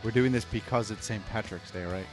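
A man's voice: on the low side, a little fast, soft background music. A man co-hosting a casual geek podcast, teasing and laughing easily, with hesitant fillers, a beer or two in. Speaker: podcast co-host, news segment. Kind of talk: casual chat.

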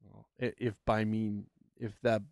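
A man's voice: fairly low pitch, flat delivery, measured pace, vocal fry, darkish tone, dry recording. A man co-hosting a casual geek podcast, dry and joking, often trailing off with a shrugging aside. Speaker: podcast co-host. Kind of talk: casual chat.

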